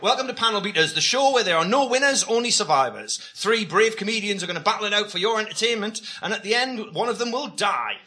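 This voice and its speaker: Male compère, high voice, showy, live club recording with loud noise. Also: fast, hardly any pauses. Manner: showman compère, energetic. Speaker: comedy panel show host. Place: comedy club stage. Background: audience laughter.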